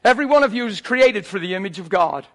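A man preaching a sermon, animated and swinging between quiet asides and near shouts. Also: high-pitched, fast talker.

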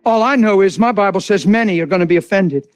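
Male preacher, very high voice, fiery delivery, dry sound. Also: animated, quick pace, smooth, no room sound. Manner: impassioned, swings from loud to hushed. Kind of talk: sermon.

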